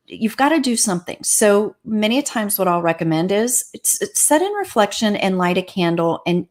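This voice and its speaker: A woman grief counselor on a talk show, teaching in a repetitive, emphatic way. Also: mid-range voice. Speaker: pet loss grief counselor. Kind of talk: livestream talk show chat.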